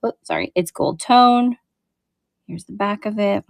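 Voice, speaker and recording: A woman's voice: medium pitch, big pitch swings, measured pace, vocal fry, dry recording. A woman hosting a casual live selling show, chatting with lots of fillers and friendly asides as she shows vintage jewelry. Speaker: online vintage jewelry seller.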